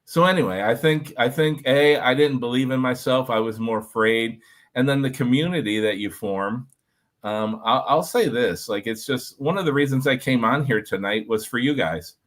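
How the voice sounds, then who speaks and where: A former reality show contestant, a man, telling an animated story to a group, talking with lots of fillers and "like". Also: mid-range voice, moderate pace. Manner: energetic, filler-heavy, lots of "like".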